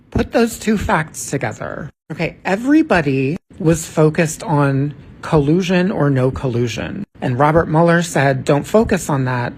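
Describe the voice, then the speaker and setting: A man with a husky voice giving an emphatic, insistent political commentary, repeating words for stress. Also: a little high, rough recording. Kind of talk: explanatory commentary video.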